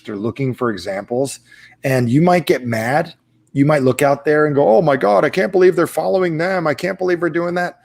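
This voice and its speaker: A man's voice: mid-range voice, darkish tone. A man giving an urgent live-streamed motivational talk, speaking straight to viewers and asking them question after question.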